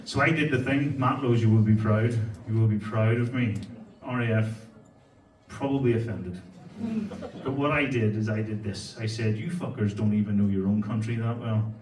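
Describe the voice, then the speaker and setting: A man's voice: lowish voice, steady tone, normal speed, a little mellow, reverberant, distant mic, slight background noise, low-quality recording. A young man doing a profane stand-up comedy set and chatting with the crowd. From Ireland. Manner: profane, brash, laughing at his own jokes. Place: comedy club stage with a laughing audience.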